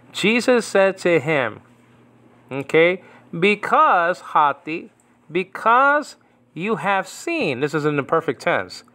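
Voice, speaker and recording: A man from New York teaching a casual Greek Bible lesson at home, rambling and slowly repeating Greek words. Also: medium pitch, a bit bright.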